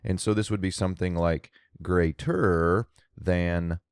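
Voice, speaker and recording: A man with a very low voice walks through a Hebrew verse word by word, explaining the grammar methodically and pausing to think aloud. The recording is dry and close, with no room sound. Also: smooth, no room sound. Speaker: Biblical Hebrew teacher.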